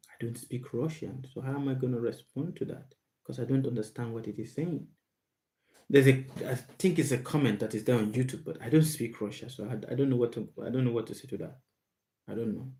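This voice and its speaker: A man's voice: medium pitch, dark tone, a little hiss or hum. Emphatic man hosting a live Q&A. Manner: slow, emphatic and repetitive, stressing words. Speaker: live stream host. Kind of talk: live Q&A monologue.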